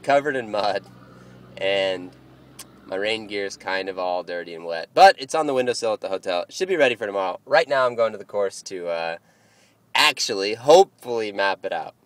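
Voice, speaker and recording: A young man vlogging about golf, telling a long story in a casual, rambling way and acting out who said what. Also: on the low side. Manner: rambling, animated, quotes people in dialogue.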